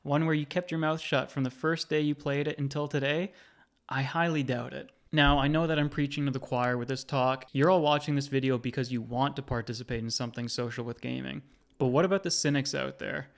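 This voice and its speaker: A man's voice: mid-range voice, fairly even intonation, fairly quick, gravelly. A man in his thirties, a gaming channel host, narrating a scripted video essay in a conversational, lightly wry way.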